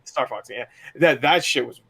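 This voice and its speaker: A man co-hosting a casual gaming podcast, excitable, laughing often and swearing freely. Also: mid-range voice, normal speed, gravelly, husky, dry recording. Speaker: podcast co-host.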